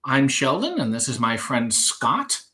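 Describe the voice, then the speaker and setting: A man's voice: medium pitch, wildly swooping pitch, measured pace, pushed and bright, pitched below the performer's own voice, heavily acted. A man voicing a mild, overly polite middle-aged male TV picker with a Canadian accent. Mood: politely mild.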